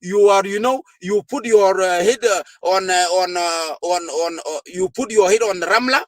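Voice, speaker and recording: High-voiced man, fervent speech. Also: moderate pace, dry recording. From South Sudan. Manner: fervent, rhetorical questions, frequent hesitations. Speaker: political party official. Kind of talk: impassioned political speech to a gathering.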